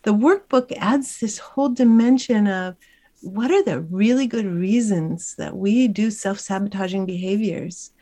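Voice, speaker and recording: A woman's voice: mid-range voice, a little slow, dark tone. A woman who is a guest author and meditation teacher, telling stories in a conversational interview and laughing often.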